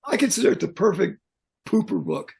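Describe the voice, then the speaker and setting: This interview is casual storytelling over a video call: an older veteran pyrotechnics tech, blunt and joking, animatedly recounting anecdotes. He sounds high-pitched, gravelly and husky, and talks a little fast.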